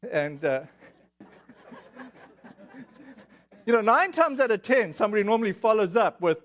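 A man's voice: sits high, big pitch swings, slow pace. A man from South Africa with a South African accent, preaching a sermon in a chatty, self-deprecating way with many fillers. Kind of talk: sermon with personal stories. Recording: dull lo-fi audio.

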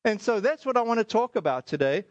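A man's voice: sits high, sing-song, fast talker, no echo, dull audio. A middle-aged man from South Africa giving a spoken testimony sermon, telling his story with many fillers and acted-out dialogue. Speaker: speaker.

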